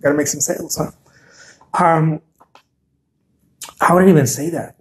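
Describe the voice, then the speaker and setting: A man's voice: on the high side, fairly even intonation, a little slow. A man hosting a casual live stream, talking earnestly and encouragingly, often repeating words and answering viewer comments.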